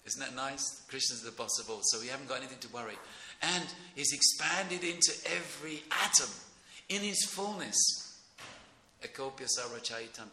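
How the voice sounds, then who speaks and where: A middle-aged man giving an informal devotional class in a temple room, rambling and excitable, often breaking into chuckles. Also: medium pitch, moderate pace. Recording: echoey room with faint noise.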